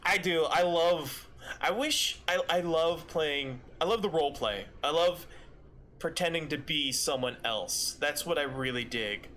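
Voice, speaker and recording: A man's voice: a little high, unhurried, pushed and bright. A man streaming a game, chatting casually in a rambling way with many fillers. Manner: rambling, lots of fillers and restarts. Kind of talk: casual chat while gaming.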